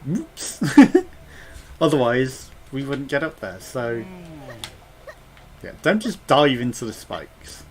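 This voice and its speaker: A man's voice: mid-range voice, big pitch swings, slow pace, a little hiss or hum. A man giving casual gameplay commentary as a let's play gamer, chatty and thinking aloud with muttered asides.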